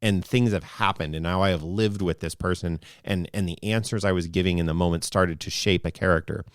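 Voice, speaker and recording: A man's voice: low-pitched, fairly even intonation, fairly quick, no echo. A man co-hosting a podcast as game master, talking in a rambling, thoughtful way into a close mic. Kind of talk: casual podcast discussion.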